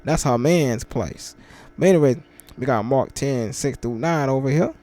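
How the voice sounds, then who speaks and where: A young man giving casual reaction commentary in relaxed slang, slowing down when he reads verses aloud. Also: medium pitch. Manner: laid-back slangy banter, reads scripture slowly. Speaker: commentary channel host. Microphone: headphones with mic.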